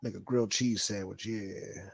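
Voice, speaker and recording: This livestream host has a lowish, creaky, husky voice with fairly even intonation and a moderate pace, captured in a dry recording. He reads viewers' chat aloud and rambles through profane, wisecracking banter, addressing people as "boy."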